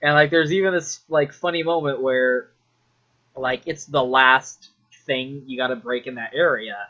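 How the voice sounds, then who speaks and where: A man's voice: medium pitch, fairly even intonation, normal speed, sharp tone, lo-fi sound. A man casually rambling about a video game he loves, full of fillers, restarts and swearing.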